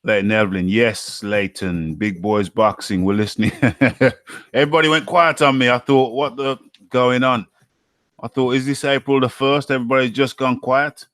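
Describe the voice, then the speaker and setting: A man's voice: mid-range voice, fairly even intonation, normal speed, a bit bright, no echo, clean studio sound. A man from the UK hosting a live boxing talk stream, chatting casually and reading out viewer names and comments.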